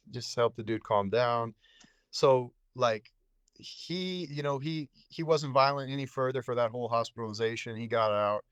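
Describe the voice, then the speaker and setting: A man's voice: mid-range voice, clean tone, no room sound. A man, a psychiatric nurse, telling a story as a podcast guest in a laid-back, slangy way with lots of fillers. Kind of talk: casual storytelling.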